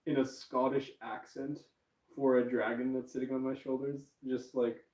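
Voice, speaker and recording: A man's voice: medium pitch, little pitch movement, moderate pace, a little mellow. Male streamer, casual self-mocking chatter, roomy echo. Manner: rambling, frequent fillers, self-mocking laughs. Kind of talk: casual chat to viewers. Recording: roomy echo, distant from mic.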